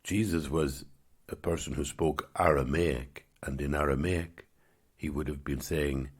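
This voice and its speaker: A man hosting his own podcast, giving a gentle, musing spiritual talk at an unhurried pace. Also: a bass voice, fairly even intonation, breathy edge. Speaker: podcast host.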